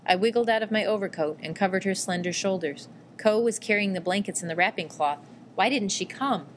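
A woman narrating a first-person memoir in a measured, quietly emotional reading. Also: mid-range voice, slight background noise. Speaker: audiobook reader.

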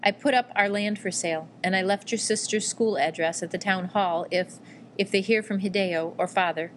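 Woman doing a weak tired mom, soft and breathy, barely hanging on, storybook read. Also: mid-range voice, normal speed, slight background noise, natural voice. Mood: weary. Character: frail dying mother, gentle and weary.

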